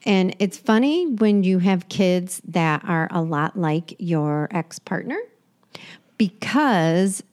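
A woman's voice: fairly low pitch, expressive, slow pace, a little mellow. Chatty woman telling rambling stories. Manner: rambling storyteller with frequent restarts. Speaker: podcast co-host. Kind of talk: casual chat.

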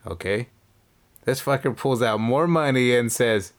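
With a clean tone, medium pitch and normal speed, a man co-hosting a podcast spins a casino story in casual conversation. He's an animated storyteller who voices the quotes of the people in it and swears casually.

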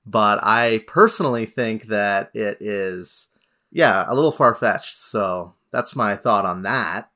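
A Canadian man co-hosting a podcast, chatting in a relaxed, rambling way with many fillers. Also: fairly low pitch, takes it slowly. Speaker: podcast co-host. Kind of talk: casual podcast chat.

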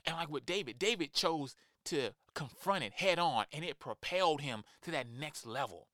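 A man's voice: a little high, animated, normal speed, bright, forceful tone, no room sound, studio quality. Fired-up man preaching a sermon. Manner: impassioned, emphatic, acts out quoted voices.

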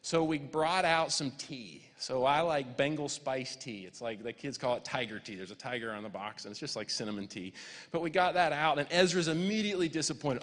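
A man's voice: mid-range voice, moderate pace, fairly bright tone. A man in his forties, a pastor preaching a sermon, telling a family story with quoted voices and building to fervent preaching. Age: 40s. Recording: long hall reverb.

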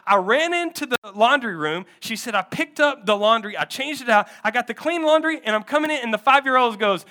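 A man's voice: very high-pitched, animated, brisk, bright, forceful tone. A man preaching a sermon as a pastor, animatedly acting out a story from a counseling session.

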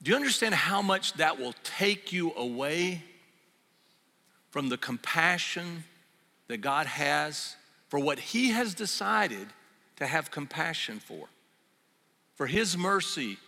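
A middle-aged man preaching a sermon as pastor, telling a story in an animated way and acting out its voices. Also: fairly high pitch, slow pace, pauses often. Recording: long reverb of a hall.

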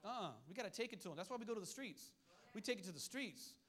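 High-pitched, fast-talking fiery preacher man. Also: animated, a bit bright. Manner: fiery, repetitive preaching with call-and-response asides. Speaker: pastor. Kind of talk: sermon.

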